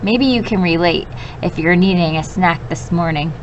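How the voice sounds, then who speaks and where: A woman teacher reading a story aloud to children and pausing to explain vocabulary, patient and clear. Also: fairly low pitch, lo-fi sound, a little hiss or hum.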